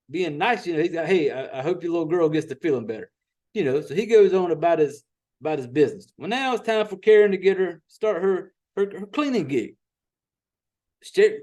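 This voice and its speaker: High-voiced Southern man recapping a movie. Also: a little mellow. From Southern United States. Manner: profane, rambling storyteller. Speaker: podcast host.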